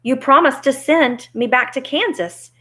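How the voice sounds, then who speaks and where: A woman's voice: high voice, measured pace, a bit bright, voice pushed up. Brave young farm girl, as a woman reads her. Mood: insistent. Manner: insistent.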